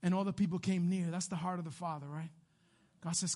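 A man pastor preaching a sermon, swinging between loud animated bursts and hushed quiet passages. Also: sits high, brisk.

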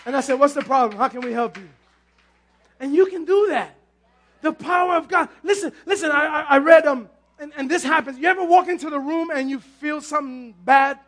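High-voiced fervent male preacher. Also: fairly quick. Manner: fervent, repeats and stumbles over words, bursts into shouting. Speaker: pastor. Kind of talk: sermon.

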